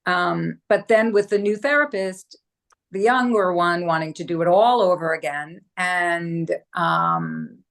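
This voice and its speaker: A woman guest in a discussion who speaks hesitantly with many pauses and "um"s. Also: on the low side, big pitch swings, fairly bright tone. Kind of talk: casual discussion.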